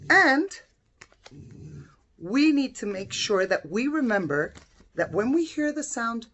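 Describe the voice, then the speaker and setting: A woman teacher giving a phonics lesson to young children, sounding out letters slowly and clearly with encouraging praise. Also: medium pitch, big pitch swings.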